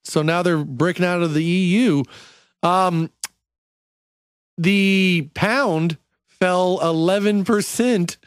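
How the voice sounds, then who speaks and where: A man's voice: sits high, slow pace, long pauses, clean tone, no echo, studio quality. A man co-hosting a casual comedy podcast, tossing in wisecracks and blunt questions. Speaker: podcast co-host.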